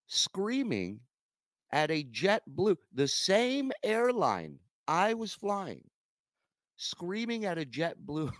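Picture a man in his forties telling a comic travel story on his podcast, swearing freely and slipping into the voices of everyone in it. His pitch swings widely as he talks, and the sound is dry and close. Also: dry recording. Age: 40s. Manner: animated, profane, acts out quoted people. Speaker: podcast host. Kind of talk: comedic storytelling.

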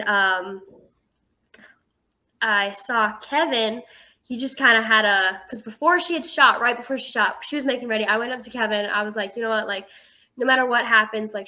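A woman's voice: medium pitch, pushed and bright. An eighteen-year-old woman telling a story as a guest in a casual interview, chatty and filling her speech with "like".

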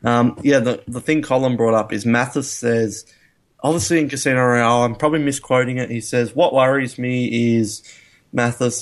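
A man co-hosting a podcast, chatting casually about a film, rambling and laughing, getting animated when amused. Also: fairly low pitch, gravelly. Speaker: podcast co-host. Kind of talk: casual film review chat.

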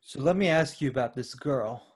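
Curious male co-host who questions his partner and builds his theories slowly, full of fillers. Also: mid-range voice, husky. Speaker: podcast co-host. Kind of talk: casual film discussion.

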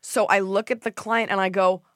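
A woman hosting a podcast, telling stories in a casual comedic chat, swearing and mimicking people in a shrill voice. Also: normal speed, no room sound, studio quality. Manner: animated storytelling, swears freely, mimics others in a shrill voice. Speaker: podcast host.

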